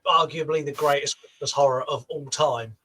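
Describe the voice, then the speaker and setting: Brief: male podcast co-host, bright and fairly high voice, teasing and foul-mouthed. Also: steady tone, rough recording. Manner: teasing, crude, quick-witted. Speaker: podcast co-host and quiz setter. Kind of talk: casual chat. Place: podcast studio.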